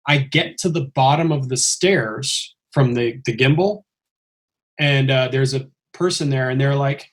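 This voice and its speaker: A man's voice: medium pitch, moderate pace. A man casually telling a long story on a podcast, acting out the lines he quotes. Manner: animated, acts out quoted lines with a raised voice. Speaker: stuntman telling his story.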